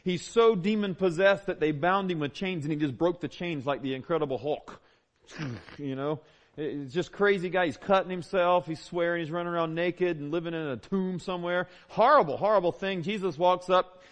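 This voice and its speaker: A man's voice: sits high, a little fast, few pauses. A man, preaching a sermon as a pastor, conversational and emphatic with repeated phrases. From Southern United States. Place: church.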